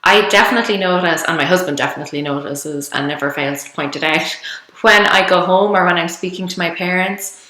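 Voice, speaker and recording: An Irish woman in her thirties chats through a casual vlog, her accent a mix of Kildare country and Dublin. Her voice sits slightly low but sounds bright and forward, with frequent laughs and ums. The room around her is echoey. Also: brisk. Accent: Irish, Kildare country mixed with Dublin. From Ireland. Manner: chatty, laughs often, lots of ums. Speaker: vlogger. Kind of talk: casual accent-tag video.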